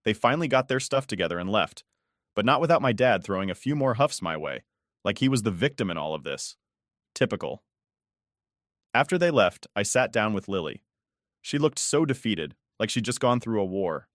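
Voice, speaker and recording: A man's voice: fairly low pitch, very animated, moderate pace, no echo, studio quality. A man narrating a first-person story in a casual, conversational way, swearing often.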